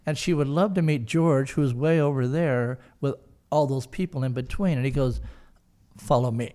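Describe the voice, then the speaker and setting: A man's voice: medium pitch, moderate pace, dark tone. An older man telling a long personal story in an interview, rambling with many fillers and restarts. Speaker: guest, son of the founders.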